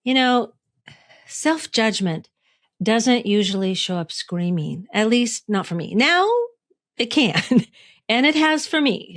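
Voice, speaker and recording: A woman's voice: a little high, expressive, measured pace, no room sound, clean studio sound. A middle-aged woman hosting a reflective solo podcast, talking in a conversational way, asking listeners questions and laughing at herself. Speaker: podcast host and coach.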